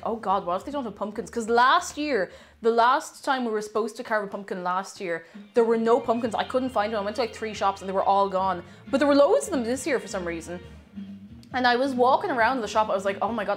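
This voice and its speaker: A young woman from Ireland chatting casually on a live stream, reading chat aloud and giggling often as she bakes. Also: fairly high pitch.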